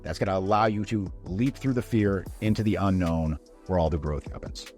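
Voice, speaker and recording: Lowish-voiced male social skills coach. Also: moderate pace, darkish tone, soft background music. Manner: conversational, often adds "right?" tag questions. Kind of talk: instructional talk to camera.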